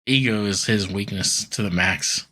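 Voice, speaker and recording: Husky, punchy man recapping a cartoon. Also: fairly low pitch, measured pace, bright, forceful tone. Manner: loose, laughing, heavy filler talk. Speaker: podcast co-host. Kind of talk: casual chat recapping a cartoon episode.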